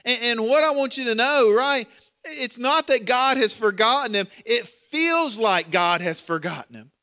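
A man's voice: very high voice, animated, measured pace, sharp tone. A man preaching a sermon in a conversational way, repeating words and asking the congregation rhetorical questions. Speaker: pastor.

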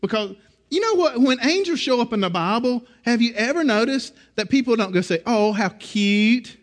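High-voiced animated male preacher. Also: fairly quick. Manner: conversational, animated, frequent restarts. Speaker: pastor. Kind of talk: sermon.

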